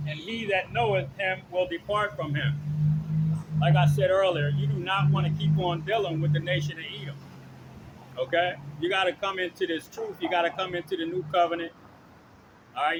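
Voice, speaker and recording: A slightly high-voiced man preaches outdoors in a loose, rambling way, reading verses and then breaking into profane asides. He keeps checking in with "okay?" and "all right?". Faint traffic noise sits behind him. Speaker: street preacher. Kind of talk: informal preaching with scripture reading.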